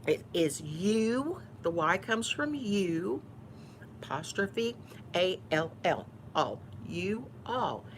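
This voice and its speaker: Texan woman YouTuber, slow and low, mock-bossy chat between bites. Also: very animated, a little hiss or hum. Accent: Texan Southern. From Houston, Texas. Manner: chatty, teasing and mock-bossy. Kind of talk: casual mukbang chat while eating.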